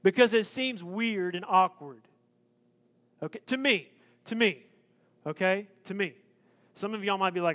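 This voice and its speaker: A man preaching a sermon, joking and lively in his asides. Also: sits high, normal speed. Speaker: pastor.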